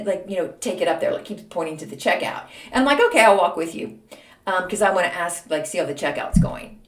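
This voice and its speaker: Animated, chatty woman telling a story. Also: fairly high pitch, echoey room. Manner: animated, chatty, sassy asides. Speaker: podcast host. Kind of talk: casual storytelling monologue.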